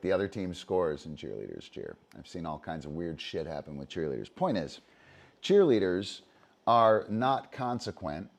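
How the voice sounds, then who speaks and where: A low-pitched, slightly mellow man hosts a dog-training livestream. As a disc dog trainer and show host, he explains in a casual, profane manner, with frequent fillers and "right?" tag questions.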